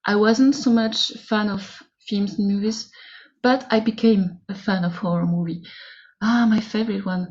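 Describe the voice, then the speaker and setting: A woman from France with a French accent, a guest author chatting on a podcast, pausing and searching for her words in English. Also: medium pitch, fairly even intonation, a little mellow, lo-fi sound. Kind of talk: casual podcast chat.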